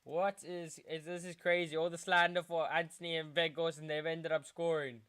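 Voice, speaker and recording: Excitable young fan, clear voice. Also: male voice, a little high, moderate pace. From South Africa. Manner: excitable fan, shouting at big moments, chanting. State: tired, yawning. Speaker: watchalong streamer. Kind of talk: live football watchalong commentary.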